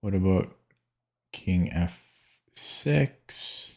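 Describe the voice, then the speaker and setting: A man's voice: low-pitched, expressive, extremely slow, vocal fry. A man streaming chess, thinking aloud in a hesitant, muttering way as he works through puzzles and counts them off.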